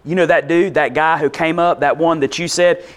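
A man voicing an agitated male disciple who talks fast in slang and repeats words for emphasis. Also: on the high side, fairly even intonation, clear, resonant tone, lightly acted. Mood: exasperated. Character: agitated adult male disciple, worried and indignant.

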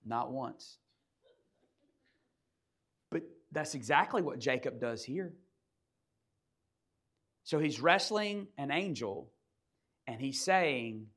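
A man preaching a sermon, telling a personal story in a conversational way that swings from hushed asides to loud bursts. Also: medium pitch, expressive, slow, pauses often. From South Georgia, USA. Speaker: pastor.

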